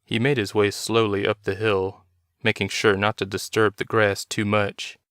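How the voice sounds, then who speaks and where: Low, smooth male storyteller. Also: dry recording, clean studio sound. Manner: steady, measured narration. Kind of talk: reading a story aloud.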